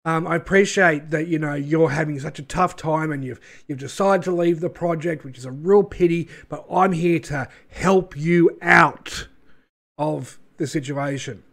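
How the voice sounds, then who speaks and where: A man playing a male scammer who gives a falsely sympathetic sales pitch while buying up people's ships. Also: measured pace, gravelly, a bit bright, full character voice. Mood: fake sympathy. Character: smooth-talking male ship-buying scammer.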